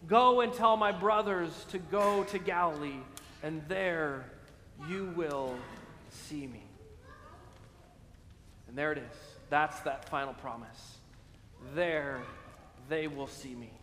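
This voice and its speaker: A man with a high voice preaches to his congregation. He drags out important phrases and keeps asking "right?" His voice carries a long reverb over faint background ambience. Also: sharp tone, slight background noise. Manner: emphatic preaching with slow stressed phrases and frequent "right?". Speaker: pastor. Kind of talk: sermon.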